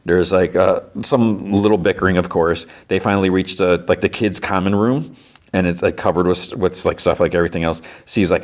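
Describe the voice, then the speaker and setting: A male podcast host walks through a TV episode in a loose, rambling style, leaning on fillers as he goes. His voice sits very low, and his delivery is relaxed and conversational. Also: brisk. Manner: rambling, filler-heavy with lots of "like". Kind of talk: casual recap of TV episodes.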